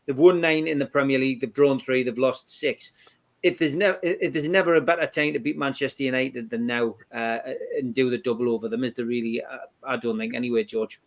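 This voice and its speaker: A man's voice: medium pitch, fairly even intonation, brisk. A man hosting a fan football podcast, reading match stats with frequent fillers. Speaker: podcast host.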